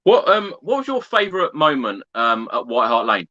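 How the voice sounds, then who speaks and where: Podcast host guy asking questions, bright voice, kinda dull lo-fi dry sound. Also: mid-range voice, big pitch swings, moderate pace, dry recording. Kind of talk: casual interview questions.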